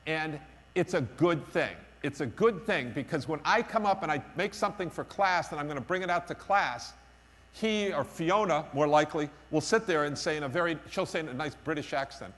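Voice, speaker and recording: A man's voice: on the high side, moderate pace, a bit bright. Emphatic man giving a keynote in a hall. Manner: emphatic, repeats key phrases, self-deprecating humor. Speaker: keynote speaker. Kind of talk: conference keynote speech. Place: conference hall. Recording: long reverb of a conference hall.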